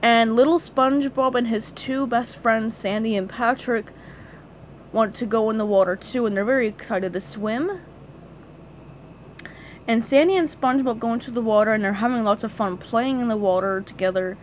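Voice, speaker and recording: A chatty woman walks through a kids' picture book page by page, gushing and laughing lightly as she goes. Her voice sits a little high. The audio is dull and lo-fi with a faint hiss behind it. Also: normal speed. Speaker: book reviewer. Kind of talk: casual book review.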